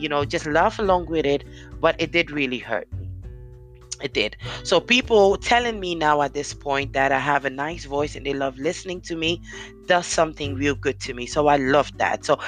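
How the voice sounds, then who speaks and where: Speaking directly to listeners, a podcast host with a deep, commanding voice delivers an earnest, encouraging motivational talk. His tone is a bit bright.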